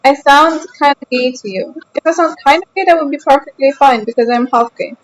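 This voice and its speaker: A woman's voice: sits high, brisk, rough recording. A young woman streaming a game from her sofa at home, chatting casually and answering her chat aloud in a playful, defensive way. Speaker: gaming streamer.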